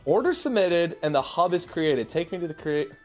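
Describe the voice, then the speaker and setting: A man's voice: on the high side, sing-song, normal speed, faint music behind. Hyped young man streaming from home. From Canada. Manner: hyped, talks to chat, calls viewers baby and y'all. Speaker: livestream host. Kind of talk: casual livestream chat. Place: home basement room.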